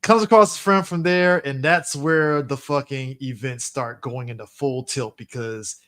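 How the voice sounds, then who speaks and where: A man co-hosting a podcast, excitedly retelling movie scenes with lots of swearing. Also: mid-range voice, a little slow. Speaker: podcast co-host. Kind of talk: casual chat.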